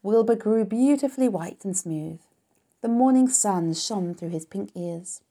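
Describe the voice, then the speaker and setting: A woman narrating a children's story in a calm, even storytelling manner. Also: medium pitch, measured pace. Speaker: audiobook narrator.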